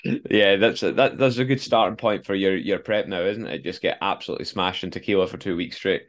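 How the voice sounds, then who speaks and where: A young man co-hosting a podcast, chatting casually and teasing his co-host with dry jokes. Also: low-pitched. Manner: quick, teasing banter with laughs. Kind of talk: casual chat.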